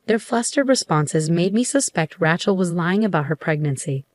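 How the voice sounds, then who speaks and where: Low-voiced woman narrating a story. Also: expressive, normal speed, no echo. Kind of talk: scripted first-person narration.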